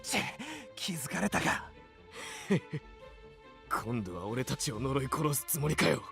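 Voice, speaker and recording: Gruff, gravelly hostile villagers. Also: male voice, mid-range voice, lively intonation, normal speed, soft background music. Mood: threatening. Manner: rough, gruff shouting. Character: hostile adult male villagers with torches, rough and threatening.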